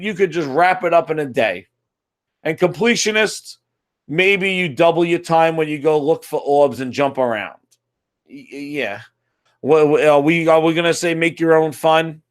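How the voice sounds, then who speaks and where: A man's voice: a little high, a little slow. A man from the United States ranting about a video game, profane, exasperated and sarcastic. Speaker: gaming commentator. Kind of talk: ranting monologue.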